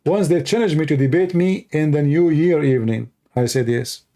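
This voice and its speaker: A man with a mellow, darker voice hosting a livestream. He rants in a sarcastic, mocking tone, often slipping into jeering impressions of others. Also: a little high, normal speed. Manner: mocking, sarcastic, acts out opponents. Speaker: livestream debate host. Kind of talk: casual livestream rant.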